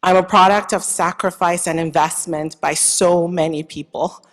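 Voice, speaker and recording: A woman's voice: on the low side, steady tone, moderate pace. A woman from Nigeria with a Nigerian accent, giving a heartfelt award acceptance speech with faith and self-deprecating humor. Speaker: award honoree. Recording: long hall reverb.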